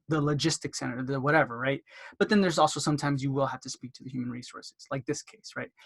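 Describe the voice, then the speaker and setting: A man casually teaching marketing for a dental practice, with lots of fillers, who acts out phone conversations by jumping into a higher voice. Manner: acts out phone dialogues in a raised voice; loose, filler-heavy delivery. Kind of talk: casual instructional talk.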